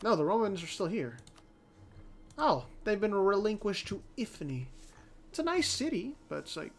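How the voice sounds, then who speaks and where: A man giving casual, unscripted let's-play commentary as the channel host, swearing freely, thinking out loud and often restarting his sentences. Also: high voice, sing-song, moderate pace, gravelly. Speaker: host of a strategy game channel. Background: faint background music.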